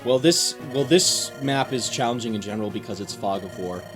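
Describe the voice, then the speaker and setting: Over video game music, a guest commentator rambles through a casual let's play, hesitating and restarting frequently. He speaks fairly quickly in a lowish voice with lively intonation.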